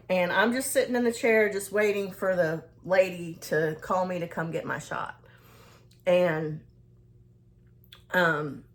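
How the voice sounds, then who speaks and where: Woman, vlogger, casual storytelling, rambling, restarts, fillers, middle-pitched voice. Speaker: skincare and self-care vlogger.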